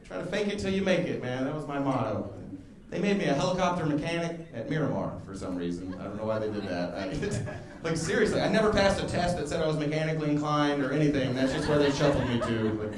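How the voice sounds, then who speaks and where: High-voiced male stand-up comic in a roomy club. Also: lively intonation, a little fast, crowd noise. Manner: storytelling, acting out other people with loud exclamations. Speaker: stand-up comedian. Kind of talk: stand-up comedy set. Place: comedy club stage before a laughing crowd. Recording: roomy club sound with audience noise.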